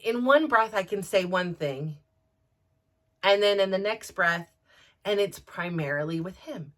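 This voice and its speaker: A woman's voice: mid-range voice, measured pace, a bit bright. A woman in her forties hosting a podcast, talking candidly and rambling with many restarts. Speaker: podcast host. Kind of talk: candid personal monologue.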